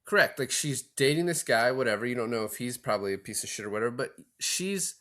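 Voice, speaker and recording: A podcast co-host with a medium-pitched, bright, forceful voice talks fast and animatedly in a casual film-review chat. He swears freely while retelling scenes from a movie.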